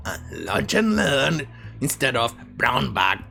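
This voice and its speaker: A woman rants through a news story in a slow, drawn-out delivery, her pitch swinging widely with sarcasm. She swears freely and repeats words to mock them. Faint music plays behind her. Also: sing-song, vocal fry, pushed and bright. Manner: sarcastic and profane, with mocking repetition. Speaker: online commentator. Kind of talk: ranting news commentary.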